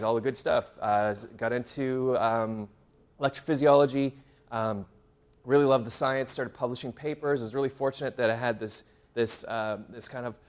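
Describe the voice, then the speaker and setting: A man in his forties from Canada, giving a casual, self-deprecating workshop talk to graduate students with many fillers and restarts. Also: mid-range voice. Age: 40s. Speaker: workshop presenter. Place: university seminar room.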